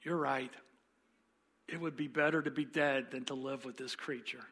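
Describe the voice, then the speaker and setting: A man's voice: medium pitch, steady tone, normal speed, sharp tone, husky, voice pushed down. A man voicing a frightened male ghost who stammers and pleads as he clings to his sin, during a sermon reading. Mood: despairing.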